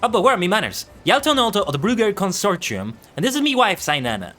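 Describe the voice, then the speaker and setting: A man's voice: sits high, big pitch swings, fast talker, bright, forceful tone, faint music behind, voice pushed up, heavily acted. A man voicing a boastful, jovial old merchant who talks in a folksy, dialect-tinged way.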